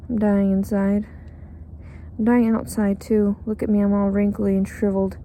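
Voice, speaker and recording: A woman's voice: mid-range voice, level tone, moderate pace, dark tone, slight background noise. A tired, cranky woman rambling in a bitter, crude, profane monologue outdoors. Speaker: pregnant homeless woman.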